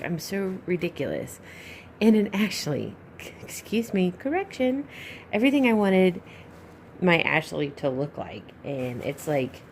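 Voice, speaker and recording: Gushing slow-talking woman unboxing. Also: low-pitched, darkish tone, slight background noise. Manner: gushing, breathy exclamations. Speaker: reborn doll collector and YouTuber. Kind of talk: unboxing vlog chat.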